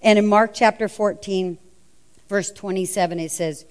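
A woman's voice: medium pitch, steady tone, normal speed, clean tone. A woman preacher delivering a sermon, telling the story with animation and acting out the lines of the people in it.

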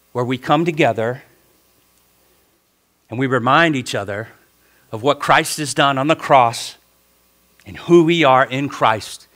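A male pastor preaching a sermon, swinging between quiet talk and emphatic shouted passages, with the congregation repeating phrases after him. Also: medium pitch.

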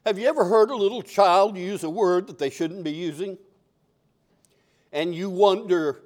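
A man's voice: high voice, normal speed, darkish tone. An older man preaching a sermon as pastor, conversational and repeating key phrases.

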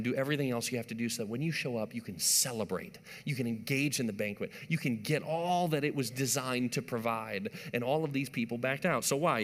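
Male pastor mid-sermon, mid-range voice, building emphasis and soft hushes, long reverb of a big room. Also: medium pitch. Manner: emphatic preaching, rising and dropping to a hush.

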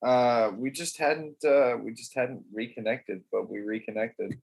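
A man's voice: mid-range voice, a little slow, creaky, a little mellow, husky. A man co-hosting a podcast, joking around, laughing often and swearing in casual chat. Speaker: podcast co-host.

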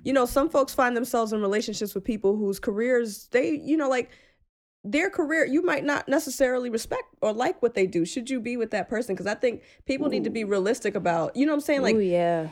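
A woman hosting a casual talk, telling stories in a lively, slangy way. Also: fairly high pitch, fairly quick. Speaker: host. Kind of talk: casual chat.

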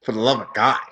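A man's voice: mid-range voice, pushed and bright. A man who coaches wrestling, a guest in a casual interview, telling stories in a rambling way with plenty of swearing and laughter. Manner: swears freely, laughs a lot, rambling storyteller. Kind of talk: casual chat.

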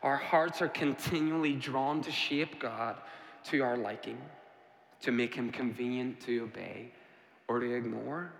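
A man's voice: mid-range voice, steady tone, a little slow, gravelly, slight background noise. Pastor guy preaching, repeats his lines for emphasis, asks the room questions, big echoey hall sound. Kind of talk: sermon.

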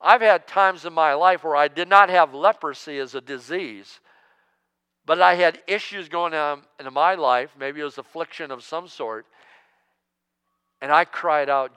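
Man in his 60s, pastor, sermon, high voice, smooth resonant tone, echoing church reverb, joking and emphatic. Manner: animated, joking and emphatic, swinging from loud to hushed.

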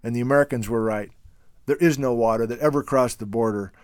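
A man's voice: medium pitch, quick pace, clean tone, no room sound, clean studio sound, close to an everyday voice. A man mocking a smug dismissive geologist.

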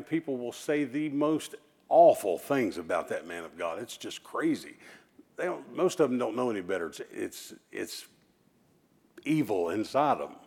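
A man's voice: mid-range voice, darkish tone. A male pastor preaching a sermon in an emphatic style, leading the congregation in call-and-response and shifting into folksy, conversational asides.

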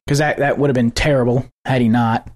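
A man co-hosting a casual political podcast, retelling a news video in an animated, profane way. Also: medium pitch, a little fast. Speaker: podcast co-host.

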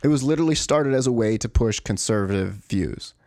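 A man's voice: on the low side, expressive, a little fast, warm tone, no echo, studio quality. Profane exasperated man ranting. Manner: profane, exasperated, rambling with restarts. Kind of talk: ranting monologue.

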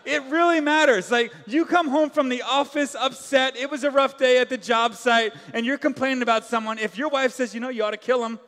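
A man's voice: very high-pitched, moderate pace, few pauses, a bit bright. A man preaching a sermon as pastor in a large church hall, casual and joking, full of filler words.

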